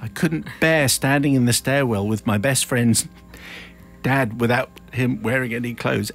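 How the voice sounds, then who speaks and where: A man's voice: medium pitch, moderate pace, faint music behind. Wry male radio host reading aloud. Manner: wry storytelling, chuckles through the reading. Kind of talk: reading a listener's confession aloud, then chatting. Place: radio studio. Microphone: studio microphone.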